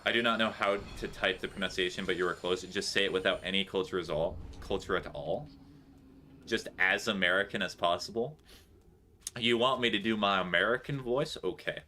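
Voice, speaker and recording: A man's voice: deep voice, brisk, bright, forceful tone, slight background noise. A man streaming a game, chatting casually with viewers in a joking, sarcastic way. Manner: joking, sarcastic, laughs often. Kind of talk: casual live-stream chat while gaming.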